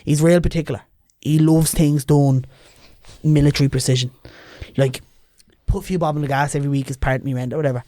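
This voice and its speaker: A Dublin man chats as a podcast guest, his voice sitting a touch high. His stories come out lively and loose, with plenty of swearing. The sound is close and dry, with no room in it. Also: fast talker, dry recording. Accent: Dublin Irish. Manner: lively, chatty, swears freely. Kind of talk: casual storytelling.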